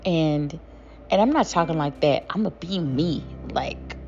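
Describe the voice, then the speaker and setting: Slow, gravelly-voiced woman musing aloud. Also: deep voice, expressive, darkish tone, lo-fi sound, slight background noise. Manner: slow, halting self-affirmation with many fillers. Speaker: podcast co-host. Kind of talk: reflective podcast monologue.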